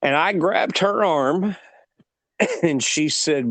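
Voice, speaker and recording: A man in his thirties telling a personal story in casual conversation, animated and laughing at himself. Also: a little high, takes it slowly, vocal fry, long pauses, no room sound. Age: 30s.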